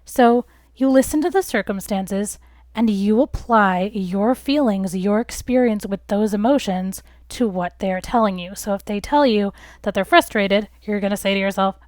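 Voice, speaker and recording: A young woman talks through relationship advice in an earnest, reassuring way, walking through examples step by step. Her voice sits at an ordinary middle pitch for a woman. It is recorded close and dry, with no room sound. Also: unhurried, a little mellow, no room sound. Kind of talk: casual advice talk to camera.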